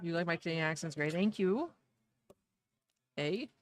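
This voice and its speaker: A woman's voice: lowish voice, animated, normal speed. A woman hosting a card-opening livestream, chatting casually, greeting viewers by name and joking with chat. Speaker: livestream host opening trading card packs.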